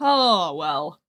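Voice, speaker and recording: A young woman chatting casually on a live stream. She is animated, swears often and keeps laughing. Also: lowish voice.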